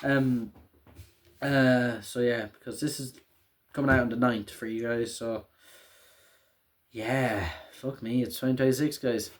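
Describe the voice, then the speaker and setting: A man's voice: medium pitch, fairly even intonation, unhurried, long pauses. A young man in a casual vlog, rambling and swearing constantly as he recaps a TV finale, often tagging "right?" onto his sentences. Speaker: vlogger. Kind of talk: casual emotional TV show recap.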